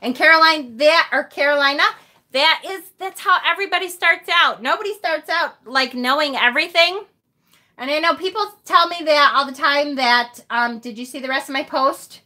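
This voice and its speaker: A woman with a high, bright voice chats casually through a tarot livestream. She is self-deprecating, laughs easily and lets a swear word slip now and then. Her tone is loose and friendly, as if talking straight to viewers. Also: moderate pace. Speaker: tarot reader hosting a livestream. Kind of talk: casual livestream chat, reading viewer comments.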